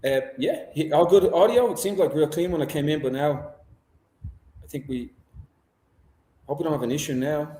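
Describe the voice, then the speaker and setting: A man's voice: a little high, normal speed, long pauses, mellow. A young man, a guest on a video-call stream, talking in a rambling, chatty, self-deprecating way. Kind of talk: casual livestream chat. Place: indoor room. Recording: echoey room over video call.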